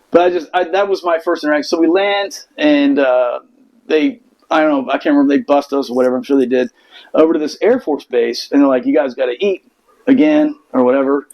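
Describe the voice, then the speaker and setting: A man's voice: a little high, steady tone, a little fast, highs cut off. A man, a Marine veteran, telling stories in a casual chat, profane and laughing through them.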